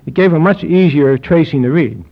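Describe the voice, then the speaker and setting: With a slightly high voice carrying vocal fry, an older man recounts his health story to a live crowd at a moderate pace, in a dry and wry anecdotal manner. Audience laughter is heard in the dull, lo-fi recording.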